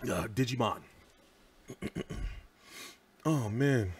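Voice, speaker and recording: A man's voice: mid-range voice, very slow, a little hiss or hum. A man in his thirties hosting a boxing livestream, chatting loosely and profanely and answering viewers' comments. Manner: loose, profane, rambling and animated. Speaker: boxing channel livestream host. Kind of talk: casual livestream chat.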